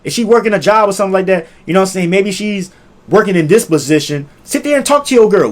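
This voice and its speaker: A man's voice: high-pitched, animated, fast. A young man, giving profane, preachy relationship advice in a casual monologue that keeps circling back to the same points. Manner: profane, preachy, repetitive, rises loud when making a point. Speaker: relationship vlogger.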